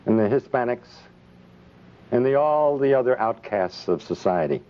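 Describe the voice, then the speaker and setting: A man, a physician, giving an impassioned public speech full of indignant rhetorical questions and sarcasm. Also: mid-range voice. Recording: dull lo-fi recording.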